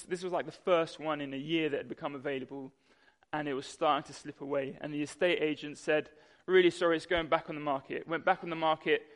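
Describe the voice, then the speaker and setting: A young man delivers a sermon. He tells a personal story with animation, acting out the people in it. His voice sits slightly high for a man. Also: a bit bright. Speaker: pastor.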